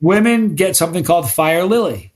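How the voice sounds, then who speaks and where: A man chats as a podcast guest, spinning animated stories with plenty of false starts. His voice sits a little high for a man. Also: brisk. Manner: animated storyteller with frequent restarts. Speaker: guest, spicy food challenge creator. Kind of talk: casual podcast conversation.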